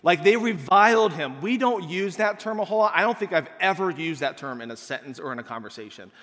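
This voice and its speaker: A man preaching a conversational sermon, casual and animated, acting out the people in the passage and saying "like" a lot. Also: high-pitched, a little fast, in a large hall. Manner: casual, animated, acts out quotes and says "like" a lot.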